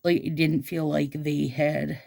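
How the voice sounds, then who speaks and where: A woman's voice: sits low, level tone, unhurried, vocal fry, a little mellow. A woman vlogging about her nails, chatting casually and bubbly, talking straight to her viewers. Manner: bubbly, chatty, addresses viewers as "you guys". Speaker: nail stylist vlogger.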